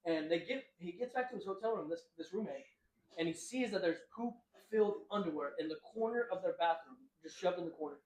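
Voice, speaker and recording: Animated young man telling a story. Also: high voice, brisk, distant mic. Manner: animated, acts out quotes loudly. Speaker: podcast co-host. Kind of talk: casual storytelling chat. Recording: echoey room, voice a bit off-mic.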